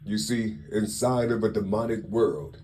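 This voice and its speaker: A man giving a slow spiritual monologue, asking drawn-out rhetorical questions and repeating "you see" constantly. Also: on the low side, fairly even intonation, darkish tone, a little hiss or hum. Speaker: spiritual teacher.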